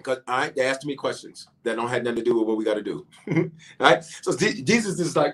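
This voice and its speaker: A man's voice: mid-range voice, lively intonation, fast. A man leading an online prayer service, preaching fervently with repeated call-outs to his listeners. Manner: fervent, repetitive, calls out "watch me" and "y'all". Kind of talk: preaching and praying to an online audience.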